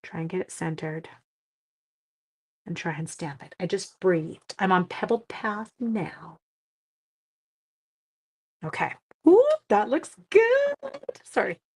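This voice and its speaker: A woman's voice: fairly low pitch, slow, creaky, long pauses, breathy edge, rough recording. Chatty woman crafting on a livestream. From Canada. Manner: chatty, rambling storyteller addressing viewers. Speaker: card-making livestream host. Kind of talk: casual chat while crafting.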